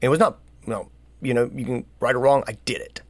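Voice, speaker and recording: A man's voice: medium pitch, fairly quick, no room sound. Earnest man asking rhetorical questions. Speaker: podcast co-host. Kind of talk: casual conversational advice.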